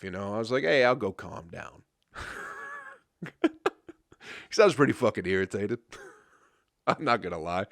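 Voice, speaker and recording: A man's voice: medium pitch, a bit bright, no echo, studio quality. A man who is a comedian, telling rambling, profane stories on his podcast and laughing at them. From Flint, Michigan. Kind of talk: casual storytelling monologue.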